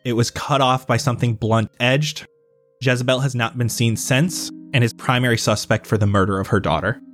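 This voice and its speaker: A man narrating as game master, steady and descriptive. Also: mid-range voice, normal speed, soft background music.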